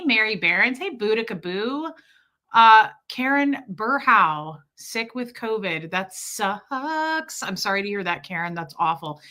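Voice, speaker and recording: A woman's voice: a little high, pushed and bright. A woman hosting a casual livestream, greeting viewers by name in a chatty, self-deprecating way while nursing a headache. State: has a headache. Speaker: livestream host.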